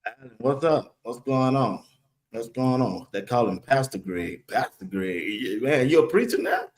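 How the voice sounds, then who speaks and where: Male live-stream host, mid-pitched, quick casual shout-outs to viewers. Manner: rapid-fire chat shout-outs, laughs often.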